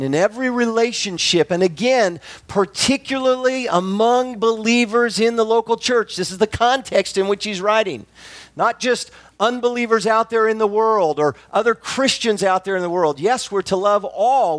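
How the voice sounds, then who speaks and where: Emphatic high-voiced male preacher, dry sound. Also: no echo. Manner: measured, emphatic repetition, slows for key phrases. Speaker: pastor. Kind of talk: sermon.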